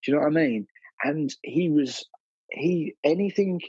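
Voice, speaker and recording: A man, a DJ guest telling his story in a blunt, animated, casual way, full of "you know" and "mate". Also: fairly high pitch, moderate pace, breathy edge, dry recording, dull audio. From Birmingham, England.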